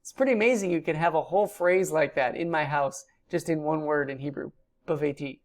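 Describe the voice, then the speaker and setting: A woman with a deep, low-pitched voice walks through a recorded grammar lecture. She explains each point patiently and steadily, with frequent ums as she talks it through. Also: brisk, a little mellow. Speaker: Hebrew teacher.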